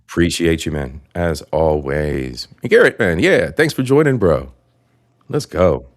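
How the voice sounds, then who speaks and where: A man's voice: a bass voice, a little slow. A man hosting a live stream, chatting casually as he reacts to a history video and thanks viewers by name. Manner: animated, chatty, shouts out viewers. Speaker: show host reacting to a video.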